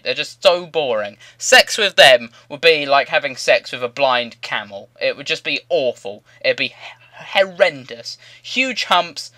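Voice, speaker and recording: A man's voice: fairly high pitch, bright, forceful tone, no echo. A young man in his late teens hosting his channel, rambling through a cheeky, crude story in casual commentary. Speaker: channel host.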